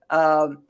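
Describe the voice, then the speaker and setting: A man hosting a casual podcast chat about martial arts, relaxed and often laughing. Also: on the high side, poor audio. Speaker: host.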